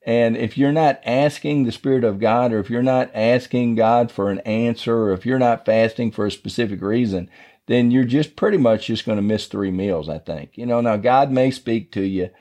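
Man hosting a devotional show, mid-pitched, mellow tone, folksy rambling teacher. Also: normal speed. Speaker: devotional podcast host. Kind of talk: casual Bible teaching.

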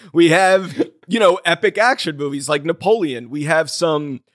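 A man hosts a casual film podcast, his voice sitting fairly high for a man. He rambles through his thoughts with restarts and easy laughs, recorded close and dry with no room sound. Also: a little slow, a bit bright, no echo. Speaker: podcast host.

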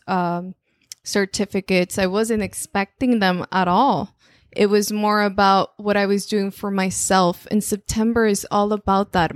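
Woman, Mexican Spanish accent, native Spanish, spiritual channeler; reflective storytelling with restarts, mid pitch, dry room. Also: dry recording. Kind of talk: monthly spiritual guidance talk.

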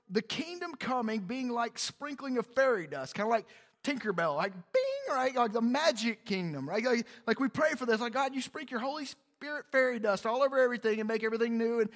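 A male pastor giving an animated, conversational sermon in a church, drawing the congregation into call-and-response. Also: very high-pitched. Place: church sanctuary.

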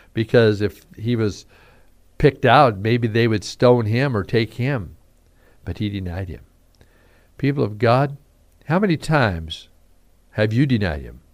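A man preaching a radio devotional, reading scripture aloud and acting out the quotes with animated emphasis. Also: lowish voice. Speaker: radio pastor.

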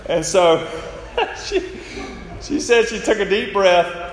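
A man's voice: high voice, slow. A man preaching a sermon, retelling stories and acting out the quoted lines. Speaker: pastor. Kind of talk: sermon with storytelling. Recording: echoey hall with faint noise.

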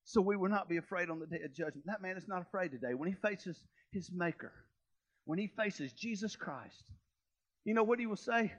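A man preaching a sermon, telling a story and swinging between hushed and loud, fervent passages. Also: sits high, lively intonation, brisk, dull audio. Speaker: pastor.

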